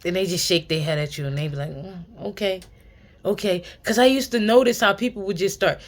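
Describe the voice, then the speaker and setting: A woman's voice: mid-range voice, lively intonation, quick pace. Blunt, laughing woman giving spiritual advice. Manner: blunt, profane, laughing, emphatic repetition. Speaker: spiritual tarot reader. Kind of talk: casual spiritual advice monologue.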